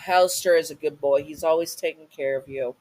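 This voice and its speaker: Woman doing a steady fatherly dad, middle-aged, reassuring, storybook style. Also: low-pitched, fairly quick, close to an everyday voice, low-quality recording.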